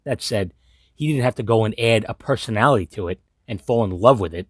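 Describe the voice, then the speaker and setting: Man, husky, sarcastic, profane, casual commentary, dry close recording. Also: lowish voice, a little fast, no room sound. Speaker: commentary host.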